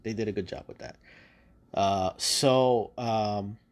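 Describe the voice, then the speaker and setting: A man's voice: lowish voice, slow. Casual swearing male podcast host. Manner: profane, rambling retelling with quoted lines. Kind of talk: casual spoiler review.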